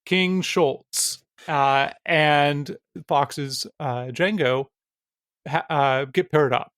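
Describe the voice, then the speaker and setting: A man co-hosting a casual film podcast, often pausing on filler words and restarting his sentences. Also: a little high, a bit bright, no echo, studio quality. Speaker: podcast co-host.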